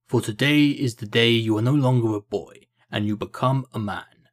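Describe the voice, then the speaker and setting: A man voicing a stern, stoic army captain with a deep voice in a fantasy storybook reading. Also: moderate pace, natural voice.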